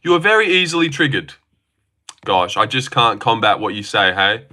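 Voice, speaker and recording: A man's voice: on the low side, big pitch swings, brisk, bright, forceful tone. A young man on a live stream, reading and answering chat with sarcastic, argumentative, swear-filled talk.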